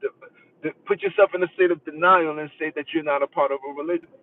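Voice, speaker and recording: A man's voice: fairly high pitch, steady tone, fast talker. Emphatic preachy man on a live stream. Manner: emphatic, preachy, repeats phrases. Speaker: podcast host. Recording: tinny phone-like sound from far off.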